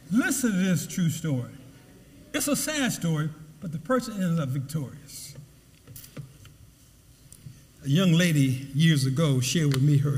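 A man preaching a sermon, repeating phrases and building to loud emphasis. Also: fairly high pitch, big-room sound, a little hiss or hum. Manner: preaching with repetition and rising emphasis.

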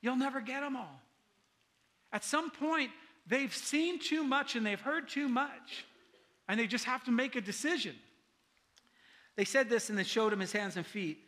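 A man's voice: extremely high pitch, normal speed, pauses often, bright, forceful tone. A man pastor giving a casual, conversational sermon, often asking his listeners "right?" and acting out the people he quotes.

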